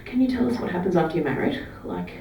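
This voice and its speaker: A woman doing a stand-up comedy set on a club stage, chatty and giggly, acting out fake phone calls in a low murmur. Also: huge pitch swings, fast, dark tone. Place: comedy club stage before a live audience. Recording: roomy club sound, heard from some distance.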